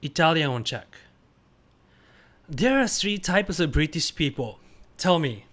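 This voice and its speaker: His voice is a little high. He's a male streamer chatting casually over a guessing game, speaking in stop-start, simple phrases that give way to excited cheers.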